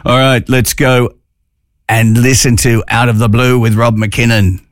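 A man's voice: mid-range voice, little pitch movement, unhurried, dry recording. A man with an Australian accent, hosting a casual talk radio show in a studio, chatting and telling corny jokes. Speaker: radio host.

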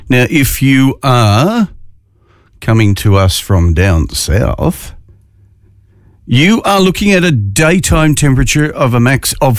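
Chatty Australian radio host, dry sound. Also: male voice, mid-range voice, dry recording. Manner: chatty, jokey, drawn-out phrasing. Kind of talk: casual morning radio chat.

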